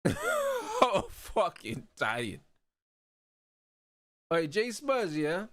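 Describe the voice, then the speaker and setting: A young man hosting a live football watch-along, talking excitedly in heavy slang and laughing loudly. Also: fairly high pitch, drawn-out words, no echo. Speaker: host.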